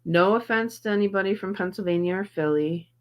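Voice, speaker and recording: A woman's voice: mid-range voice, brisk. A middle-aged woman hosting a livestream, chatting casually and greeting her viewers by name while in some pain and feeling a little off. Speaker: livestream host reacting to videos.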